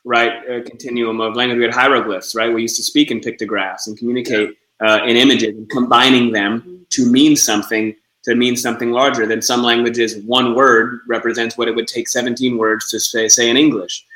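A man's voice: medium pitch, flat delivery, a little fast, hardly any pauses, bright, forceful tone, roomy sound, rough recording. A man speaking as an interview guest, earnest and reflective, often repeating words as he works out his thoughts. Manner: earnest, repeats words while searching for ideas. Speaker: interview guest, project co-founder. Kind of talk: reflective conversational interview talk.

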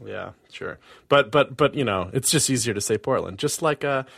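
A male podcast host in relaxed conversation, with a rambling, filler-heavy way of talking. His voice sits at a middle pitch and is recorded close on a dry mic, with no room sound. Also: normal speed, creaky, slightly rough, dry recording. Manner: rambling, full of fillers and restarts. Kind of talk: casual podcast chat and sponsor reads.

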